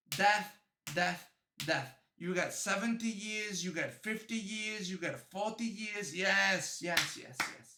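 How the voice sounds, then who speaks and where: A man in his twenties from Texas, reacting to a video in blunt, profane casual commentary that breaks into loud cheering. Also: high-pitched, slight background noise. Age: 20s.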